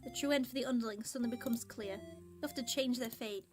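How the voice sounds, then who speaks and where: A giggly, excitable young woman streaming a game and reading its text aloud, with a voice growing tired. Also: on the high side, fast. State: voice getting tired. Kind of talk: let's play commentary and reading game text. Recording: game music underneath.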